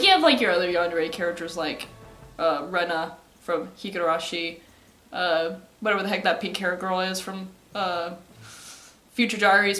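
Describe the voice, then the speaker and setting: A woman's voice: medium pitch, fairly bright tone, reverberant, a little hiss or hum. A young woman casually recapping an anime plot, rambling and giggly, with lots of fillers. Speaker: anime vlogger.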